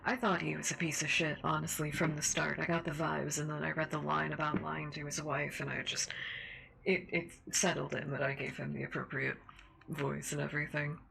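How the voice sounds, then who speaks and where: A woman streamer reads horror stories aloud and jokes between passages in a giggly, self-mocking way. Her voice is low with a gravelly texture. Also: level tone, brisk, noisy background. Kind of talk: livestream horror reading.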